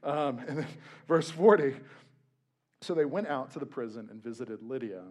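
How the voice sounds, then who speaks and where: Animated man preaching a sermon. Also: medium pitch, moderate pace. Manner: animated, conversational, jokey asides. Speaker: pastor.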